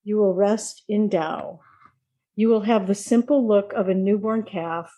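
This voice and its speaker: A woman reading a short story aloud in a measured, unhurried way. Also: mid-range voice, mellow. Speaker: podcast participant reading aloud.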